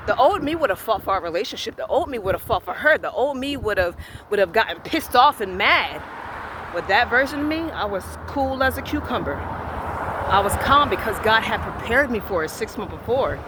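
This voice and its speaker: A man with a fairly high voice tells a personal story of faith with strong feeling. He acts out each quote and swings between hushed and loud delivery. He is recording outdoors, with heavy wind noise behind him. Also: animated, moderate pace. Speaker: vlogger sharing a personal faith testimony.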